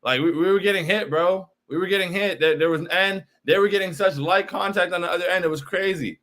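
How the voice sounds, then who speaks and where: A man's voice: high-pitched, fairly quick, a bit bright. A young man hosting a postgame livestream, frustrated and repetitive, often saying bro while reacting to chat. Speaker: postgame show host.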